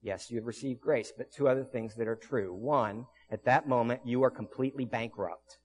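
A man's voice: mid-range voice, normal speed. A male pastor preaching a sermon in an earnest, storytelling way, with frequent restarts, ending in prayer.

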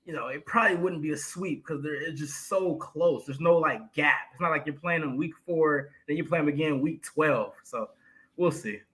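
Casting: male co-host, somewhat high, bright tone, relaxed chatty sports talk. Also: moderate pace, poor audio. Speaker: podcast co-host. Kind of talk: casual sports podcast chat.

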